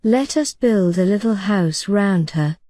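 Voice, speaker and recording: A bold boy leader who snaps out quick orders, read by a woman. His voice stays mellow and close, part of a gentle storybook reading. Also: medium pitch, lively intonation, no echo, lightly acted. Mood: eager. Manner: brisk, bossy orders. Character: boastful boy leader, eager and commanding.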